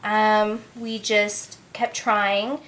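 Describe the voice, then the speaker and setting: A woman in her thirties, a podcast guest, telling a personal story in a frank, expressive way and laughing often. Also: mid-range voice, extremely slow. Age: 30s.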